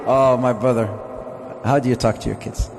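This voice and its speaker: A man, a sheikh, giving a lively mosque lecture, joking and putting questions to his audience. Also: mid-range voice, normal speed, a little hiss or hum. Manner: jokey, asks the audience questions. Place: Islamic centre hall. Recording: long reverb of a hall.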